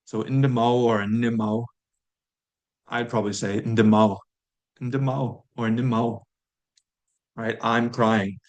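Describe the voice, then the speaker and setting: Grammar gets a relaxed explanation from a man in this recorded language lesson, where he slowly repeats words for learners. He speaks at a medium pitch.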